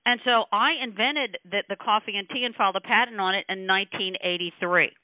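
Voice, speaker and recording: A woman scientist talks over a tinny phone line, animated and laughing often as she tells her story. She acts out the other people in it with quick quoted lines. The sound is dry and close, with no room around it. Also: mid-range voice, dry recording. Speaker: scientist guest. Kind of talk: phone call interview. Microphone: telephone.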